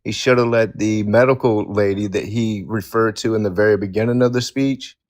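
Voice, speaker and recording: A man giving measured, explanatory commentary as a guest in a discussion. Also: on the low side, fairly even intonation, darkish tone, dry recording, studio quality.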